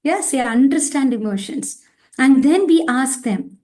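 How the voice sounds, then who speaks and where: A woman giving a teacher training lecture, animated and acting out little scenes. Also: on the high side, unhurried. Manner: animated, acts out child and teacher voices.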